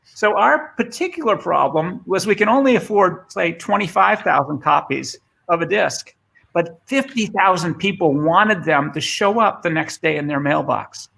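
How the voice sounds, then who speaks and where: A man's voice: sits high, lively intonation, moderate pace, creaky, sharp tone. A man with a Boston accent giving a conversational remote talk, often repeating words as he starts a thought. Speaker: guest speaker.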